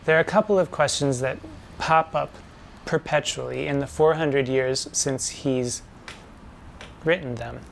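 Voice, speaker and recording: A man explaining a lesson at a mid-range pitch, in a measured, teacherly way. He slows right down to spell out each pattern. A faint hum of noise sits behind him. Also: gravelly. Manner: measured and didactic, slowing to spell out rhyme schemes. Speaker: drag performer hosting a poetry lesson.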